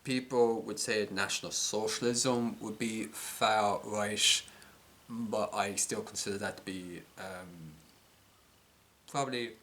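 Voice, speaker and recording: A man's voice: fairly low pitch, fairly even intonation, takes it slowly, fairly bright tone, a little hiss or hum. Rambling, hesitant Irish man. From Ireland. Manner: rambling, hesitant, full of ums and restarts. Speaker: vlogger. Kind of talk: casual monologue.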